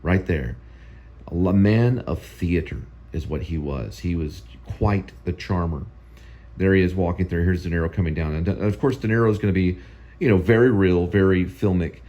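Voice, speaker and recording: A man's voice: low-pitched, normal speed, dark tone, highs cut off. A male host giving casual, rambling film commentary that often repeats itself.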